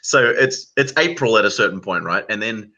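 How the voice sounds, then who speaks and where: A man's voice: lowish voice, animated, normal speed, sharp tone, muffled recording. A man hosting a casual group chat, rambling through a story with frequent laughter. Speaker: host.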